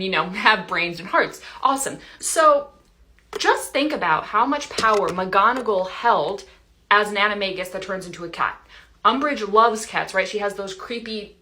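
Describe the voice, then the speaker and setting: Speaking to camera at a moderate pace, a young woman who makes TikToks riffs through a playful, chatty comedy bit peppered with "like" and "you know." Her mid-range voice is bright and forceful, with lively intonation.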